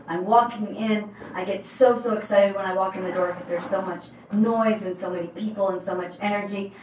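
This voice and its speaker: Animated woman coach telling a story. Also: medium pitch, fairly quick, a little hiss or hum. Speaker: life coach. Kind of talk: motivational storytelling. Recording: roomy, distant mic.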